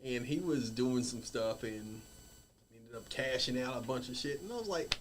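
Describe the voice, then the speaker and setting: A man's voice: mid-range voice, expressive, moderate pace, slight background noise. A man, a lawyer, chatting casually with friends, blunt and mocking. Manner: blunt, mocking, laughing at stories. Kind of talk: casual chat.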